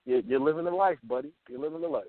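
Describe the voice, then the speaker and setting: A man's voice: a little high, rapid-fire. A man co-hosting a radio talk show, teasing and mock-incredulous as he questions a caller. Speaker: radio co-host. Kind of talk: comedic radio banter. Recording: tinny phone-like line.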